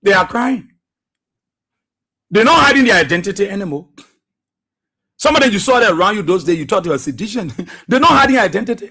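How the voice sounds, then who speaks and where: A man's voice: high-pitched, animated, brisk, sharp tone, breathy edge. A man giving emphatic, repetitive political commentary as a radio talk show host.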